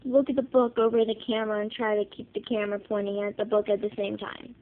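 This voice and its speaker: A woman's voice: medium pitch, flat delivery, slight background noise. A woman reading a picture book aloud on camera, stumbling and restarting, recorded on a handheld phone or camera. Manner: halting reading with frequent restarts and apologies. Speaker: book reader. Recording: thin phone-like dry sound.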